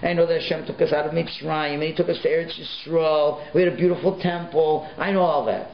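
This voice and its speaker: A man's voice: a little high, steady tone, fairly quick, creaky. A man voicing a humble, poor porter who speaks plainly and pleads tearfully, in an echoey, muffled recording. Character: humble poor older male porter, meek and devout.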